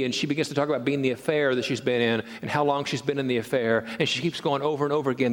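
A middle-aged man preaching a sermon in a church sanctuary, telling stories with animated restarts and repeated words. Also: on the high side, fast talker, few pauses. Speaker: pastor. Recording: long reverb of a large sanctuary.

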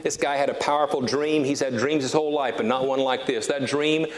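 A man in his fifties preaching a sermon as a pastor, emphatic, repeating key phrases and slowing down to stress them. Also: mid-range voice, steady tone. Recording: reverberant hall with faint noise.

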